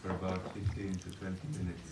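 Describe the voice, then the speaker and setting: A soft-spoken man, an organizer, making a casual, amused aside from the audience. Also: sits low, monotone, brisk. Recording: distant voice picked up off-mic with noise.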